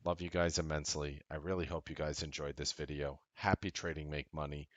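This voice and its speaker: A man hosting a trading show, giving a casual, blunt motivational talk that grows loud and emphatic, with frequent swearing. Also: a bass voice, steady tone, brisk, dry recording, highs cut off. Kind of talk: motivational talk to a live audience.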